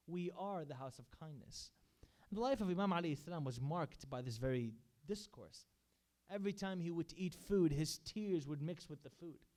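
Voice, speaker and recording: Speaking at a religious gathering, this majlis speaker earnestly recounts stories with quoted speech during a sermon in a religious center hall. His voice is a little high yet dark in tone.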